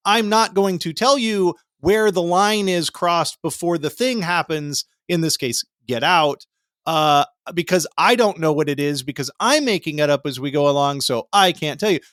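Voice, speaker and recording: A man hosting a movie podcast, his voice a touch higher than most. He rambles with plenty of ums and acted-out quotes, and he sounds close and dry with no room echo. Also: moderate pace, a bit bright. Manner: rambling, lots of fillers, acts out quotes. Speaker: podcast host. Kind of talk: casual movie discussion.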